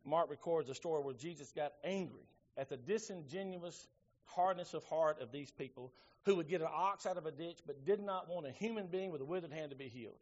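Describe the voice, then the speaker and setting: Middle-aged preacher, homespun storyteller, high voice, muffled lo-fi sermon recording. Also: male voice, a little fast. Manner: folksy storytelling with Southern phrasing. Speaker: pastor.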